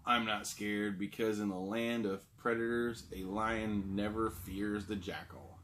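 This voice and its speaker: A man reading out a sinister, nameless inner spirit from a label in his own fairly low voice. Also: fairly even intonation, a little slow, fairly bright tone, slight background noise. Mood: smug. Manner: read aloud from a label in a plain voice.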